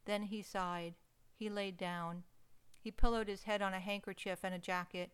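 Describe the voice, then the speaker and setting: A woman narrating a first-person story in an expressive, emotional reading. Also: mid-range voice, normal speed, clear, resonant tone.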